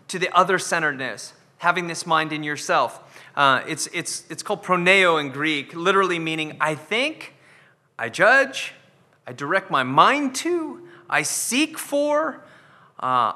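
Bright-voiced pastor man, hall reverb. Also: a little high. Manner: earnest, repeats words when building a point. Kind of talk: sermon. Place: church sanctuary.

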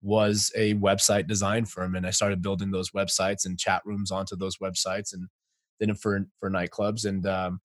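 A man in his forties, a guest entrepreneur telling his story in a casual interview, animated, laughing often, with many fillers. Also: deep voice, normal speed, no echo, clean studio sound.

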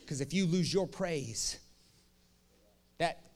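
A sly preacher hushes his flock with a string of breathy shushes, then drops into a confiding, preachy hiss. A man puts him on in the middle of a sermon. The voice sits a little high. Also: lively intonation, takes it slowly. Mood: hushed. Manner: shushing, hushed and partly unvoiced.

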